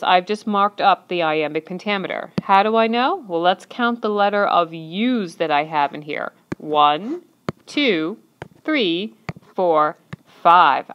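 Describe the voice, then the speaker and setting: A woman's voice: medium pitch, fairly bright tone, muffled recording, slight background noise. A woman teacher narrating an instructional lesson, patiently counting and clapping out syllables step by step.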